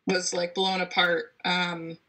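A woman speaks as a guest scientist, explaining things step by step in a measured, conversational way. Her voice is bright with a husky edge, and she adds dry little asides. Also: on the low side, flat delivery, poor audio. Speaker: guest volcanologist.

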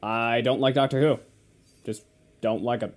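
A man's voice: mid-range voice, fairly even intonation, normal speed. A man hosting a casual podcast, ranting in exasperation and swearing often. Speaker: podcast host.

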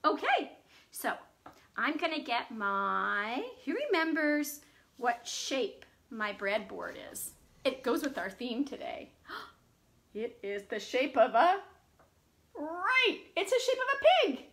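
A woman librarian leading a children's storytime from home, animated and full of gasps as she talks to young kids. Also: high-pitched, slow pace.

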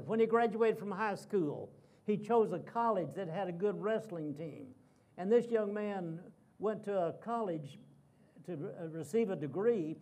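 A man's voice: high-pitched, dark tone. A man giving a sermon as a guest preacher in a church, telling a story dramatically and repeating key phrases.

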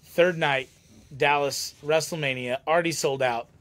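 A man's voice: on the high side, steady tone, moderate pace, a bit bright. A man hosting a live autograph signing stream in casual chat, laughing and joking often.

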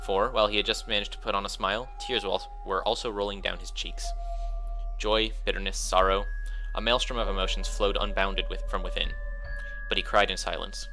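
Bright-voiced man reading a game aloud. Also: on the low side, brisk, rough recording. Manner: steady reading with small slips. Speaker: let's play host. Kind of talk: reading narration of a visual novel. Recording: faint music behind.

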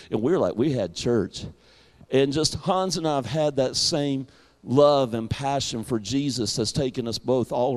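A man's voice: mid-range voice, darkish tone. A middle-aged man with a Southern American accent, a pastor introducing a guest with a folksy story. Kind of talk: church introduction.

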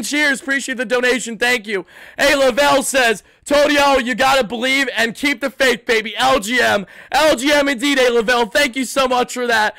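A man hosting an emotional postgame livestream, shouting with excitement and fighting back tears. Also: very high voice, normal speed, vocal fry, no room sound. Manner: excitable, shouting, swings between yelling and hushed emotion. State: close to tears. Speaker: sports fan livestream host.

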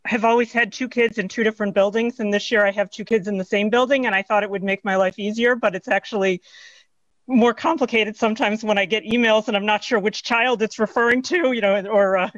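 A woman's voice: medium pitch, steady tone, fairly quick, dull audio. A woman, a parent, explaining a problem at a virtual town hall with frustration and hesitation, talking at length. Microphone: video call.

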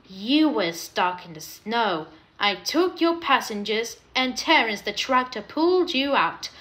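A woman's voice: a little high, lively intonation, a little slow, a bit bright, low-quality recording. A woman voicing a cheeky, boastful male bus who teases his rival. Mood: friendly. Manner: teasing, triumphant.

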